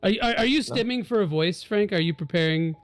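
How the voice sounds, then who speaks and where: Teasing, higher-voiced co-host man. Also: fairly quick, music in the background. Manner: teasing, jokey, swears casually. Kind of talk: casual chat on a game stream.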